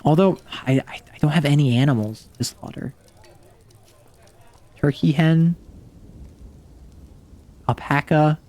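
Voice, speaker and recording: A man's voice: on the high side, takes it slowly, pauses often, a little mellow. A man streaming a game, thinking aloud in a rambling, casual way. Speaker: vtuber streamer. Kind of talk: casual livestream commentary while playing.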